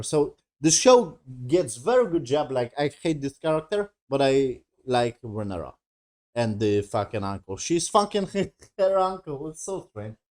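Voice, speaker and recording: A man's voice: medium pitch, darkish tone. A man casually reviewing a TV episode in loose, broken English, rambling and swearing as he retells the scenes. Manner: broken non-native English grammar. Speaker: TV show reviewer.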